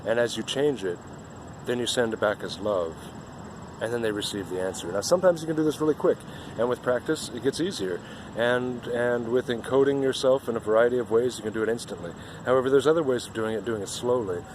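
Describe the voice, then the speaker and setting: Fast-talking earnest man outdoors. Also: medium pitch, noisy background. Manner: earnest, rambling and repetitive. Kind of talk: spiritual monologue.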